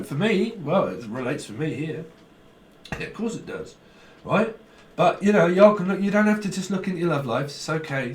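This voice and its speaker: A man giving a casual, rambling tarot reading, chatty and laughing often, swearing freely as he talks. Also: a little high. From United Kingdom. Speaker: tarot reader. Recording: roomy echo with faint background noise.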